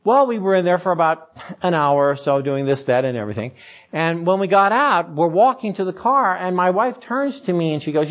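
A man's voice: high-pitched, animated, fairly quick. Man preaching through a funny personal story. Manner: storytelling, self-deprecating humor, conversational. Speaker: pastor. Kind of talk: sermon.

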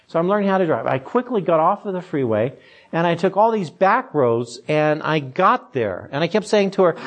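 A man's voice: fairly high pitch, very animated, normal speed. Man preaching through a funny personal story. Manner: storytelling, self-deprecating humor, conversational. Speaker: pastor. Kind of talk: sermon.

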